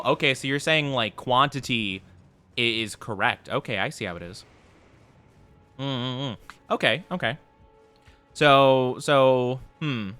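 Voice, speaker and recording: A man's voice: medium pitch, sharp tone, clean tone. A young man streaming a video game, chatting casually with his viewers and teasing them in a playfully mock-indignant way.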